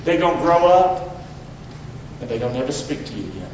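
A man preaching a Father's Day sermon in a church, leading call-and-response and swinging between loud exhortation and hushed asides. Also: mid-range voice, big pitch swings, a little fast, slight background noise. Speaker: pastor. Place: church sanctuary. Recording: very echoey hall, distant mic, slightly dull.

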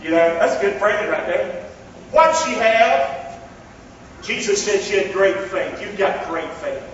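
A man's voice: high-pitched, expressive, unhurried, slight background noise. A man preaching a sermon as pastor, calling on the congregation to repeat phrases back to him. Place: church hall. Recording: echoey hall from far off, dull sound.

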